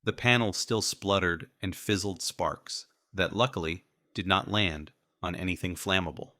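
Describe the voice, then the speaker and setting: A male narrator reads an audiobook in the first person. He tells the story at a measured, even pace. His voice is deep with a bright, forceful edge, and the sound is close and dry. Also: dry recording.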